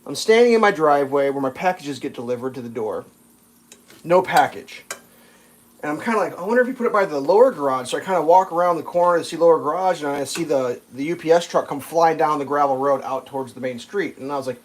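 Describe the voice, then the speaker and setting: A man's voice: a little high, animated, fast, slight background noise. A man hosting a live stream, casually telling a long, exasperated story in a rambling, profane way. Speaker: livestream host.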